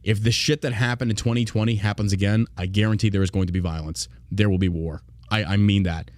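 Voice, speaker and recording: A man's voice: on the low side, steady tone, fast talker, darkish tone, dry recording, clean studio sound. A man hosting a political podcast, reading news aloud and ranting in a heated, profane way. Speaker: podcast host.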